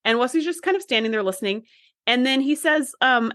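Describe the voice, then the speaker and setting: Woman podcast co-host, higher voice, lively recap storyteller, dry mic sound. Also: a little fast, dry recording. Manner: animated storytelling, quotes characters with "like". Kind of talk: casual chat recapping an episode.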